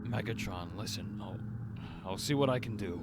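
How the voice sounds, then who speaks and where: A man's voice: on the low side, normal speed, very noisy, pitched below the performer's own voice, lightly acted. A man voicing an earnest young male robot archivist in a fan audio drama, speaking in a hesitant, apologetic way.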